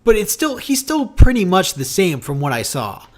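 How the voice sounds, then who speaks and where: A man with a slightly raised pitch co-hosts a casual chat. He talks eagerly and rambles with plenty of fillers. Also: big pitch swings, normal speed, a little mellow. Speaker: podcast co-host. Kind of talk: casual chat about video games.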